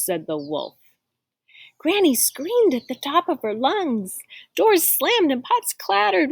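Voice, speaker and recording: A woman reading a picture book aloud to children, expressive, stopping to explain words and ask the listeners questions. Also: extremely high pitch, slow, vocal fry, dry recording. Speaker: storyteller.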